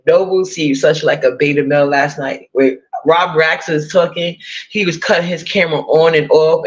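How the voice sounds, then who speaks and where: A woman's voice: deep voice, normal speed, dull audio. A woman chatting casually to her viewers, blunt, profane and gossipy with laughing asides. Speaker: vlogger.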